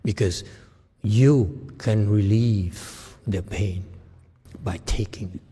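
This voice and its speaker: A husky, low-voiced man as a meditation teacher gives an unhurried dharma talk. He laughs often and keeps asking his listeners "okay?" His voice rings with a long reverb, as if in a hall. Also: dark tone.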